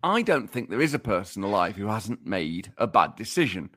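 A man's voice: lowish voice, big pitch swings, normal speed, fairly bright tone. A man co-hosting a podcast, teasingly reading out research in a mock-lecturing way and laughing as he talks. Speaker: podcast co-host presenting research. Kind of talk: casual podcast banter.

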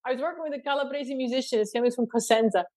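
A woman from the United States, a guest singer, telling stories in lively, casual podcast talk. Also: sits high, rapid-fire, crowd noise. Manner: lively storyteller, laughs easily.

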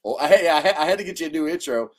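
A man hosting a casual sports podcast, chatty and excitable, laughing often. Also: fairly high pitch, fast. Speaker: podcast host.

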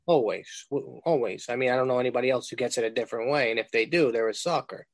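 A man's voice: mid-range voice, quick pace, creaky, no room sound. A man who is a regular on a podcast, talking in laid-back, mumbled short replies over a close mic. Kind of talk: casual chat.

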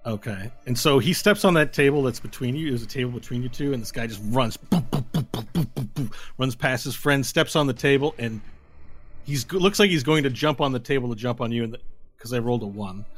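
This is a man running a tabletop game as game master, narrating the action with lively sound effects and sudden yelps. Soft music plays faintly behind him. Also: mid-range voice, fast.

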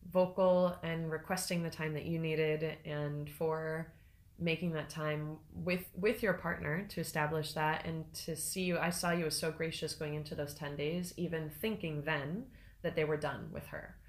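A middle-aged woman talking on a podcast in a relaxed, reflective way. She sits a little low in pitch for a woman. She lifts into lively, animated bits when she quotes herself. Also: moderate pace. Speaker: podcast co-host. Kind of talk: casual podcast conversation.

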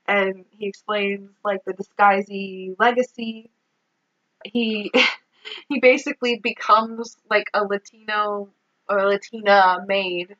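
Woman, podcast co-host, chatty movie recap, bright tone, muffled lo-fi sound. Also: medium pitch, takes it slowly. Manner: animated, laughing, heavy use of "like". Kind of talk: casual movie recap chat.

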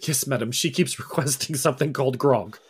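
A man's voice: medium pitch, moderate pace, slightly rough. Man doing a flustered English butler. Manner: fussy, flustered. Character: nervous, prim male butler servant. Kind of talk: tabletop role-play voicing.

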